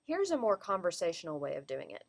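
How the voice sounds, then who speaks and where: A woman's voice: fairly low pitch, sing-song, fast, gravelly. A woman giving a class presentation on vocal delivery, explaining and demonstrating word emphasis. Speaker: student presenter.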